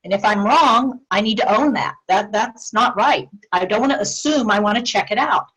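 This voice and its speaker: A woman giving a talk on dementia care communication, earnest and clear, acting out example phrases as she goes. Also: mid-range voice, normal speed, fairly bright tone, poor audio. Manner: earnest, acts out sample phrases with shifting tone. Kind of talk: presentation to a support group.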